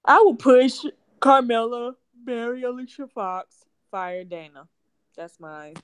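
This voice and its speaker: A woman's voice: on the high side, expressive, takes it slowly, clean tone, no echo. A woman co-hosting a podcast in casual chat, blunt and teasing. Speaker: podcast co-host.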